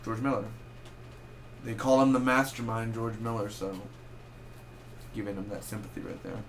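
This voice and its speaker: A man's voice: fairly low pitch, a little hiss or hum. A young man giving a casual spoken movie review, rambling and correcting himself as he goes. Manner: rambling, self-correcting, animated with quick asides.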